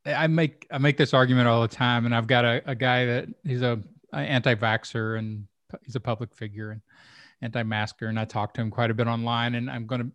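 A man's voice: medium pitch, steady tone, brisk, fairly bright tone, no echo, dull audio. A man hosting a podcast, talking casually, opinionated and explaining things step by step. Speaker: podcast host.

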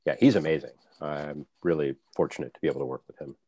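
A man's voice: rumbling low, fairly even intonation, fast, warm tone, breathy edge, no room sound. A male author talking as a guest, reflective and explaining his thinking with examples. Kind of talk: conversational interview.

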